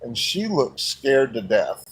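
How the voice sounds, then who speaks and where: Man, folksy storyteller, plain-spoken, husky, slow delivery. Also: medium pitch, very animated, rough recording.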